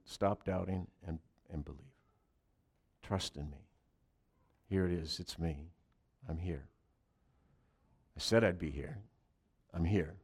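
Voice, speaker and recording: A man voicing a gentle risen figure, speaking softly and reassuringly to frightened followers in a sermon. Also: low-pitched, voice pushed down, heavily acted. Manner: soft, hushed and reassuring.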